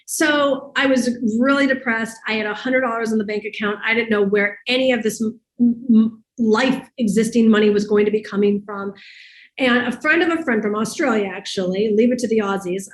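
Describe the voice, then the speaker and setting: A fairly high-voiced woman gives an animated storytelling talk to her audience. Her speech is emphatic and conversational. The room adds a roomy echo to her voice. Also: normal speed. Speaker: host and life coach.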